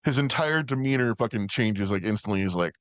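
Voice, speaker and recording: A man's voice: fairly low pitch, expressive, fairly quick, a bit bright, no echo. A man co-hosting a movie podcast, rambling in casual chat, full of filler words and swearing.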